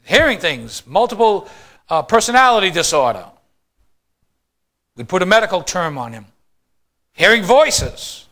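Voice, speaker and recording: Pastor preaching, male, high voice, swings between loud declarations and quiet asides, asks the congregation questions. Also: big pitch swings, a little slow, long pauses. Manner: addresses the congregation directly with questions. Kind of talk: sermon.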